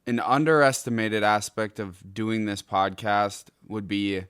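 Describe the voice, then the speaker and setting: A young man hosts a solo podcast in an angry, exasperated rant, his voice jumping into loud outbursts. He talks slowly with a smooth, clear tone, recorded dry and close on the mic. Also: lowish voice, no echo. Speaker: podcast host.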